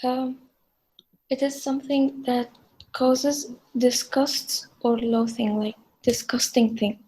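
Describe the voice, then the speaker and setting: A woman's voice: fairly high pitch, fairly even intonation, takes it slowly, dark tone, low-quality recording. A woman student answering a teacher's question in class, hesitant and using fillers.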